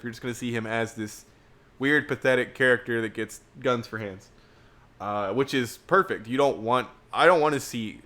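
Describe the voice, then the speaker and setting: Young man, podcast host, casual film talk, excitable, rambling, repeats himself, mid pitch. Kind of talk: casual livestream film review.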